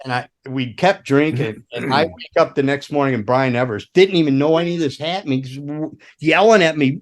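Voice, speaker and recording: His voice runs a little high at normal speed, with few pauses. The man is a former roadie guesting on a casual podcast, swearing freely and animatedly acting out the voices of the people in his road stories.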